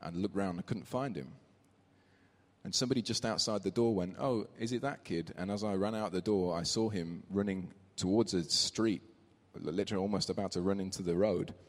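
Man in his thirties, low-pitched, conversational preacher, reverberant church hall. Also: brisk. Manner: warm conversational, reads scripture aloud. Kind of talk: sermon with personal story.

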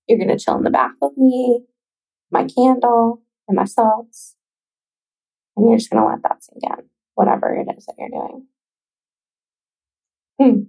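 A woman hosting a podcast, talking casually and encouragingly straight to the listener, with swearing and long pauses. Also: on the high side, gravelly, darkish tone, poor audio. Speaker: podcast host. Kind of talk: motivational podcast monologue.

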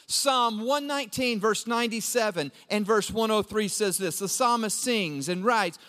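A man preaching a lively sermon, shouting some lines and dropping to low asides as he acts out his listeners. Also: normal speed, long reverb tail. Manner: acts out quoted voices of the congregation. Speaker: pastor.

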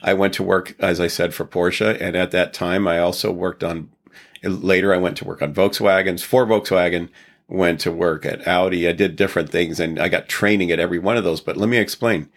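A man from Texas with a very low, deep voice recounts his past in a loose, rambling interview style. He is reflective and chuckles now and then as the memories come back. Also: steady tone, fairly quick. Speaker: podcast guest. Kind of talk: casual storytelling interview.

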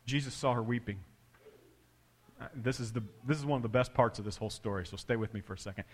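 A man preaching a sermon with big swings in loudness and pitch, dropping to a hush for quoted words. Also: fast talker, big-room sound. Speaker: pastor.

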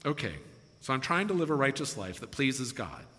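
A man preaching a sermon to a congregation, animated and acting out quoted voices with chuckles. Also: medium pitch, normal speed. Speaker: pastor. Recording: long hall reverb.

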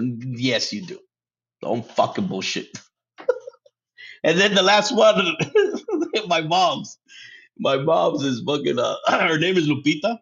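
A man's voice: a little high, sing-song, slow, vocal fry, long pauses, a bit bright. A man hosting a casual solo podcast. He laughs often, swears freely and drops Spanish words into his English. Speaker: podcast host. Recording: dull lo-fi sound.

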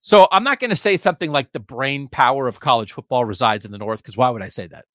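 A man's voice: medium pitch, expressive, fast talker, fairly bright tone, no echo, clean studio sound. A man co-hosting a sports podcast, giving emphatic, opinionated talk with sarcastic asides.

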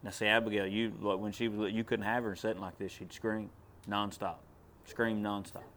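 During a sermon, a preacher tells his testimony at a normal pace in a voice on the low side with a level tone. His plain, drawling storytelling sometimes climbs into loud commands, and there's a little hiss or hum in the background.

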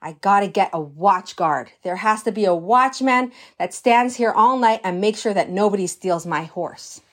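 A woman's voice: medium pitch, normal speed, fairly bright tone, close to an everyday voice. A woman voicing an anxious wealthy male landowner who frets over his horse and gushes over his watchman. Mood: worried. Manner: fretful, then gushing with praise.

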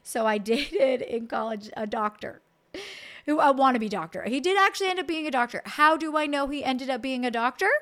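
A woman in her thirties, an entrepreneur telling a personal story in a chatty, animated way, sometimes slipping into voices for the people she quotes. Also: high voice, brisk. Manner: chatty with frequent likes and self-corrections. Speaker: entrepreneur and podcast guest.

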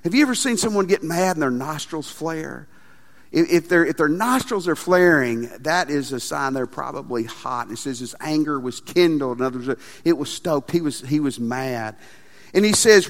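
A pastor preaches with a high, bright voice, animated and emphatic, doubling back on his own phrases. His sermon rings through a church sanctuary with a long reverb. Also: moderate pace. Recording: long reverb of a large hall.

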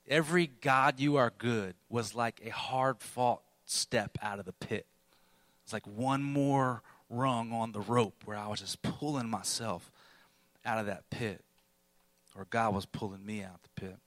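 A man's voice: mid-range voice, steady tone, fairly quick, a bit bright, dry recording. A man preaching a sermon, telling his own struggles candidly with bursts of emphasis. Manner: candid, self-deprecating storytelling with bursts of emphasis.

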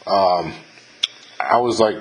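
A man's voice: deep voice, takes it slowly, highs cut off, slight background noise. A middle-aged man hosting an interview podcast, chatting loosely and swearing freely, with lots of fillers and restarts. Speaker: podcast host interviewing a musician. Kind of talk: casual chat.

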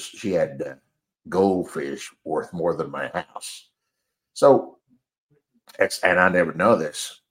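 A man casually telling a rambling, self-deprecating anecdote, chuckling as he goes. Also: sits low. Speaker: storyteller.

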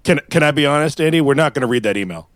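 A man co-hosting a podcast, teasing in fast slangy banter. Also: on the high side, expressive, dry recording, clean studio sound. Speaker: podcast co-host. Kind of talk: casual chat.

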